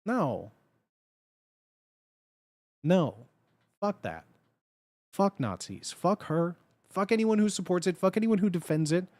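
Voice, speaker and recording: A man's voice: sits high, sing-song, slow, pauses often, darkish tone, no room sound. Blunt, profane man streaming. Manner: profane, blunt, laughs often. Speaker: livestreamer. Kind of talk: casual livestream chat.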